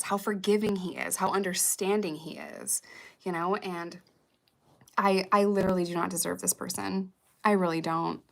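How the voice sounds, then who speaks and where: This woman in her thirties talks with a gravelly, creaky edge at an ordinary middle pitch. She chats casually on a livestream, reading comments and answering them with candid, rambling, swear-heavy talk. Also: a bit bright.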